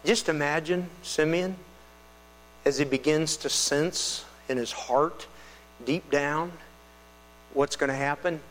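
A male pastor giving a conversational, animated sermon, retelling a scripture scene. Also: a little high, takes it slowly, long pauses. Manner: conversational, animated storytelling with restarts. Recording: reverberant hall with mains hum.

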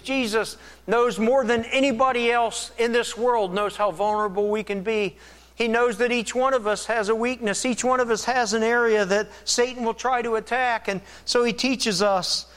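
High-voiced man preaching in a reverberant hall. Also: a bit bright. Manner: earnest, measured preaching with restarts. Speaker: pastor. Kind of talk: sermon.

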